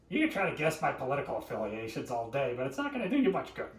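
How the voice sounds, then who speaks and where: A man's voice: mid-range voice, recorded from a distance. A man hosting a live cooking stream, chatting and joking with viewers and laughing often. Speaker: livestream cooking host. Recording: echoey room, voice off-mic.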